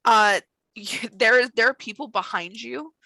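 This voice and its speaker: A woman narrating as game master of a tabletop role-playing game, relaxed, with many fillers. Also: a little high, measured pace, gravelly, no room sound, poor audio.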